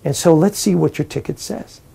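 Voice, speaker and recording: A priest telling a parable in a lively, animated storytelling sermon. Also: male voice, on the high side, moderate pace, vocal fry, breathy edge.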